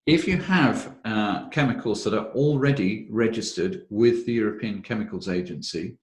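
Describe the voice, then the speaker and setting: A man speaks in a fairly low voice, explaining rules patiently and methodically. He pauses often with "uh" fillers. The sound carries a noticeable room echo. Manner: measured, methodical, frequent "uh" fillers. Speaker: webinar presenter on health and safety law. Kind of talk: explanatory webinar talk.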